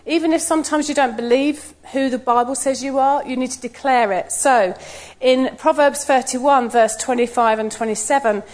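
Higher-voiced middle-aged woman preaching. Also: moderate pace. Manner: lively storytelling, acts out quotes with laughs. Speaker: church speaker. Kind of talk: personal sermon talk.

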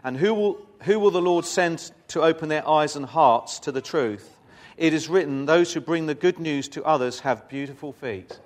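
A man preaching a sermon in a fairly high voice. He reads scripture aloud and keeps stepping out of it for relaxed, conversational asides to the congregation. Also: normal speed.

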